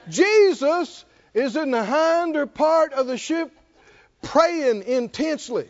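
A man's voice: very high voice, takes it slowly, lo-fi sound, some chatter behind. A man preaching a sermon, asking the congregation questions and chuckling often. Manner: animated call-and-response preaching, chuckling often. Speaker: pastor.

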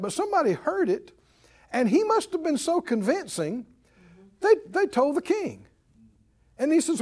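A male preacher delivering a sermon in an animated storytelling manner. His voice sits high and swings widely in pitch, and he acts out the people in the story as he goes. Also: measured pace.

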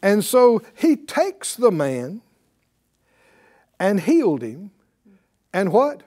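A man's voice: sits high, drawn-out words. A man preaching a sermon, calling out to his congregation for responses. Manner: animated, calls for responses from the congregation.

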